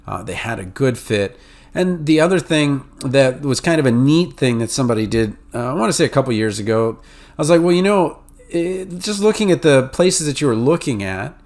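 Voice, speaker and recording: A man's voice: fairly high pitch, gravelly. A man with a New England and Mid-Atlantic accent hosts a podcast, explaining in a casual, conversational way with lots of fillers and restarts. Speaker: podcast host advising pharmacy students.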